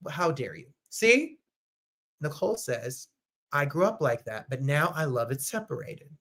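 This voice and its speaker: A man hosting a live online show, chatting casually and animatedly, with sudden jumps to loud, high outbursts. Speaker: host. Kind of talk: casual livestream chat.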